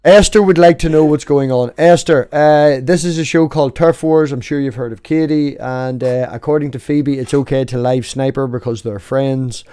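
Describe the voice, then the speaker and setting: Mellow-voiced Northern Irish man, swearing. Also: medium pitch, steady tone, normal speed, few pauses, smooth. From Northern Ireland. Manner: rambling, joking, swears freely. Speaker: streamer host. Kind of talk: casual live stream chat.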